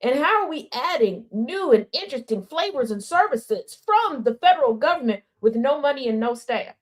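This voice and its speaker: Woman ranting on her stream, sassy n sarcastic, kinda high voice, keeps repeating herself for effect. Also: lively intonation, normal speed. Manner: sassy, sarcastic, rhetorical questions, repetition. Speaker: news commentary host. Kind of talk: opinionated livestream commentary.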